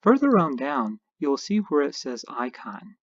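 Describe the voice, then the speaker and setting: A man's voice: medium pitch, wildly swooping pitch, unhurried, breathy edge, no echo, lo-fi sound. A man narrating a screencast tutorial, explaining each step patiently as an instructor.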